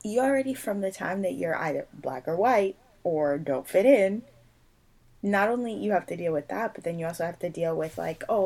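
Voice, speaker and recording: A young woman from Puerto Rico speaks in a low, gravelly voice with a lot of vocal fry. She is animated and emphatic in a casual podcast chat and keeps acting out the people she quotes. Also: slight background noise, poor audio.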